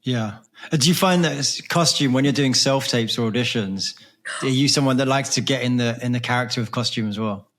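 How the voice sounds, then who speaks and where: A man hosting an interview, asking curious questions in a relaxed, conversational way. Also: medium pitch, fairly quick. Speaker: podcast host. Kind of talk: casual interview.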